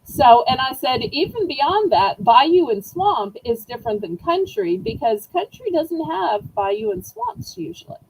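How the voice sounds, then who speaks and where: A woman's voice: high voice, big pitch swings, a little slow, creaky, few pauses, a little mellow, a little hiss or hum, poor audio. A woman with a Southern American accent hosting a live online auction, chatting with viewers in a bubbly way while she shows items and sets starting bids. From Southern United States. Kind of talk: live-stream auction chat.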